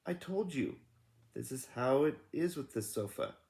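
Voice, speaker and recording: A kindly, calm woman doctor reassures gently, as a man reads her aloud. A plain, warm-handed children's storybook reading. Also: medium pitch, unhurried, vocal fry, voice pushed up. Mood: reassuring.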